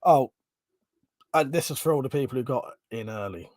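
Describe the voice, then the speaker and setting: A man's voice: medium pitch, lively intonation, normal speed, darkish tone, no echo. A man with a British accent hosting a casual live stream, chatting sarcastically, swearing freely and reading out viewer comments. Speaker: livestream host.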